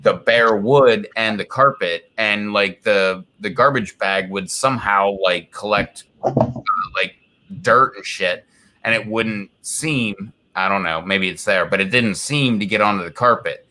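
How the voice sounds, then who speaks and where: A man's voice: lowish voice, measured pace, pushed and bright. A man chatting casually on a live stream from his home, rambling through a story with lots of fillers. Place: home, indoors.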